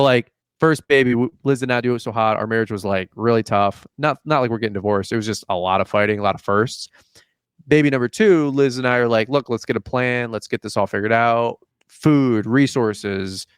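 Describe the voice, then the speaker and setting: Casting: young male podcast host, smooth clear voice, dry close mic, animated storyteller. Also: medium pitch, dry recording. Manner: animated storyteller, acts out dialogue, says "like" often. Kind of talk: casual chat.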